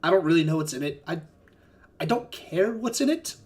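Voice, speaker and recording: A woman voicing a smooth male messenger who talks in a persuasive, coaxing way. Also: on the low side, lively intonation, brisk, darkish tone, lightly acted.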